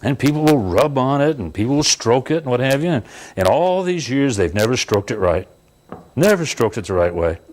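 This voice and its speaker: A man giving a motivational seminar talk, telling stories with animated swings and frequent chuckles. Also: moderate pace, a little hiss or hum. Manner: animated, chuckling storyteller with sudden pitch leaps. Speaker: seminar speaker.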